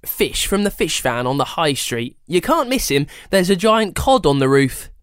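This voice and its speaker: A storyteller voicing a chatty, eccentric elderly grandmother who sews, with a fussy, high-pitched manner. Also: very animated, normal speed, clear, resonant tone, dry recording, studio quality, close to an everyday voice. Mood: cheerful. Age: older.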